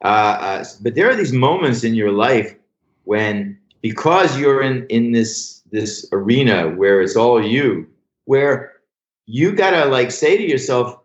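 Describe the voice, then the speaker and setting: A man, a comedian and joke writer, telling stories in casual talk, animated, acting out quotes and swearing freely. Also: mid-range voice, unhurried, reverberant, muffled recording. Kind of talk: casual storytelling interview.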